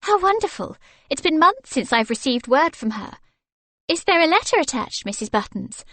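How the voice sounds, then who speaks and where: A woman's voice: sits high, normal speed, dry recording, voice pushed up. Woman doing a flustered young wife.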